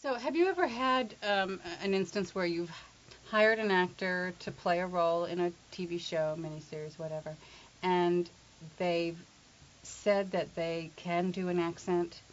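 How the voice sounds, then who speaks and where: A woman working as an accent coach and actress, telling stories in an animated, chatty way. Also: lowish voice, a little slow. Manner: chatty, animated storytelling with laughs. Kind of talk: casual conversation. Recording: lo-fi with faint hiss.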